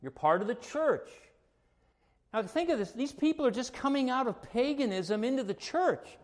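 A man delivers a sermon in a notably high-pitched voice. He moves between calm, quiet teaching and sudden raised, emphatic lines, pressing his points hard. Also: normal speed. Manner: emphatic preaching, swings between quiet asides and raised exclamations. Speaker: pastor.

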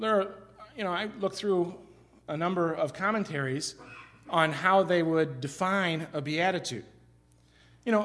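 A middle-aged man from Iowa preaching a sermon in a conversational, animated way, often restarting his sentences. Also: on the high side. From Iowa, USA. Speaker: pastor.

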